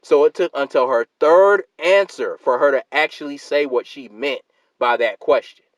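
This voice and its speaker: A man's voice: a little high, dry recording, rough recording. A man hosting his own channel, delivering a heated, argumentative rant to his viewers, repeating his points and addressing people as sister and fam. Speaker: YouTube channel host. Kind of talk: heated solo rant to camera.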